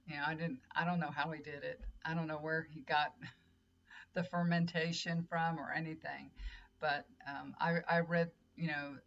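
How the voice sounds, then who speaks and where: A middle-aged woman with a low-pitched, slightly bright voice, a tarot reader and healer, rambles casually straight to her viewers. The audio is dull and lo-fi with a faint hum.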